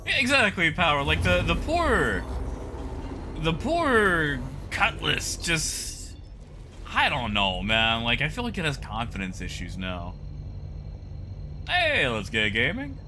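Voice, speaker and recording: A man's voice: fairly high pitch, huge pitch swings, takes it slowly, noisy background. A man live-streaming a space game, chatting casually and animatedly, laughing and greeting viewers as he plays. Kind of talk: casual live-stream commentary while gaming.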